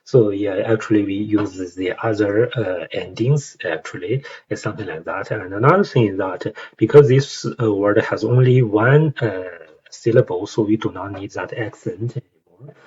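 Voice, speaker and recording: Young man, Chinese accent, low voice, halting tutorial delivery, dull lo-fi mic. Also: darkish tone, slightly rough. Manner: hesitant, many fillers and tag questions. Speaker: language learner explaining song lyrics. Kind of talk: casual tutorial explanation.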